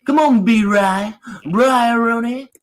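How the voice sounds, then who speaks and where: A man's voice: high voice, huge pitch swings, takes it slowly, bright, forceful tone, a little hiss or hum, voice pushed up, exaggerated voice, low-quality recording. A man doing zany cartoon impressions, wild swings. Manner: jumps between exaggerated voices. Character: rapid string of cartoon character impressions. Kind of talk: comedy impressions video.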